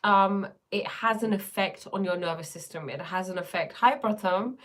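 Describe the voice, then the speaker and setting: A woman's voice: mid-range voice, normal speed, a bit bright. A woman chatting casually on a livestream, rambling with many fillers and reading viewer comments aloud. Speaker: livestream host.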